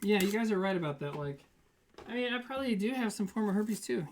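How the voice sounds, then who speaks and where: A man's voice: high-pitched, lively intonation, fast. A man hosting a livestream from his home kitchen, baking cookies and chatting casually with viewers in a rambling, joking way. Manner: rambling, jokey, reads chat aloud and laughs.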